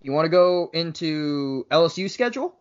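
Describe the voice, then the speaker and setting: A man co-hosting a casual sports podcast, quick to argue and needle the others. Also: a little high, expressive. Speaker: podcast co-host. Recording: dull lo-fi podcast audio.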